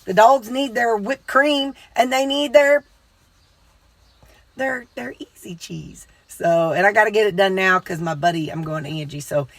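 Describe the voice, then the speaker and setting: A middle-aged woman talks to her camera. She talks in an easy, folksy ramble, drifting from one thing to the next. Her pitch sits in an ordinary middle range. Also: unhurried, no echo. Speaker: vlogger. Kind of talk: casual vlog chat.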